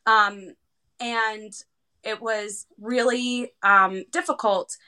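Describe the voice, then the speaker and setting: A woman with a bright, clear tone and a somewhat high voice tells a long personal story in an interview. She is animated and often pauses on fillers. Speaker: guest, heart patient's parent.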